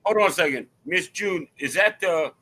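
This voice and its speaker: A man chatting casually on a live talk stream, an animated storyteller with slangy asides. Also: on the high side, normal speed, husky, poor audio. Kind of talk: casual chat.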